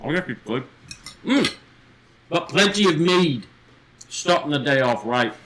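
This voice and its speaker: A man's voice: a little high, expressive, unhurried, fairly bright tone, a little hiss or hum. A man hosting a livestream in an improvised role as a feast host, theatrical and crude, swearing freely and calling people love and mate. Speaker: livestream host playing a wedding host.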